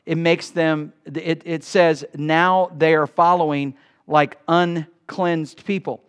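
A middle-aged male pastor preaching a sermon in a church, swinging between loud bursts and hushed asides. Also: on the high side. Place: church sanctuary.

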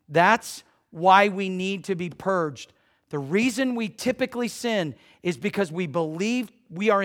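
A middle-aged male pastor preaching with a slightly higher than usual voice. He tells a story softly and quietly, then presses his points with rising emphasis. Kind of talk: sermon.

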